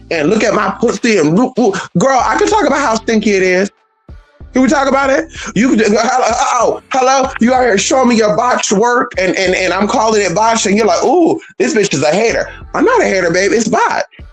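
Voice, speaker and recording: A woman's voice: mid-range voice, rough recording. A woman giving a sassy, blunt and profane vlog monologue, calling listeners honey and girl and talking back to imagined critics. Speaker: vlogger. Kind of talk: casual opinionated monologue.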